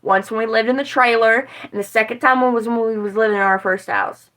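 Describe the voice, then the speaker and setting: A young woman with a West Virginian accent livestreams from her home kitchen, rambling casually and swearing freely as she talks to viewers. Her voice is on the high side, fairly bright and a little fast, with fairly even intonation, and the recording is low quality.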